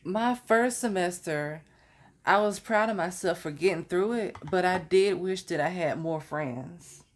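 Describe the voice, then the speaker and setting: A young adult woman vlogger shares stories from her college years in a casual, chatty manner, sometimes laughing at her own tales. Her voice is fairly low in pitch, and she talks a little slowly.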